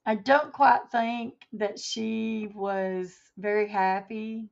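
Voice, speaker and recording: A woman's voice: mid-range voice, fairly even intonation, slow, vocal fry, lo-fi sound. A woman hosting a casual home livestream, chatting and reading news headlines aloud. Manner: chatty, reads headlines aloud, laughs often. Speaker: livestream host. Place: home, indoors.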